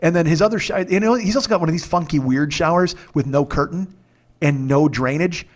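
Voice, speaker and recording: Forties comedian guy, kinda high voice, rambly sweary rant, keeps restarting. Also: brisk. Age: 40s. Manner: profane, ranting, incredulous. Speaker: comedy podcast host. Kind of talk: comedic storytelling monologue.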